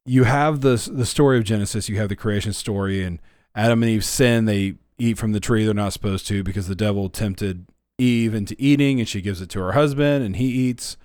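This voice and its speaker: Man, low voice, relaxed bible study talk, retells scripture plainly, dry close sound. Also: a little fast, dry recording. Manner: retells scripture scenes in plain words, with fillers. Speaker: co-host, former youth minister. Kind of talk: conversational Bible study discussion.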